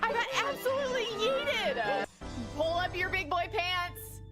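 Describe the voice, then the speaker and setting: A woman live-streaming a game for charity, reacting with excitable squeals and shouts. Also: very high voice, unhurried. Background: loud game music.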